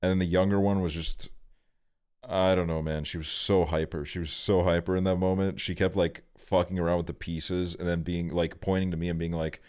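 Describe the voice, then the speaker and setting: A man's voice: deep voice, little pitch movement, brisk, a little mellow, smooth. A young man streaming, telling a rambling story in a laid-back way and swearing often.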